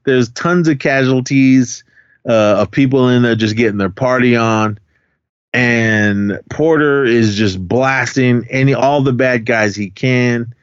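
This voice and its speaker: A man's voice: mid-range voice, no room sound. A man co-hosting a podcast, casually retelling a film's plot in a rambling way with lots of fillers and quoted lines. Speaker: podcast co-host. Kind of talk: casual film recap chat. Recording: dull dry lo-fi sound.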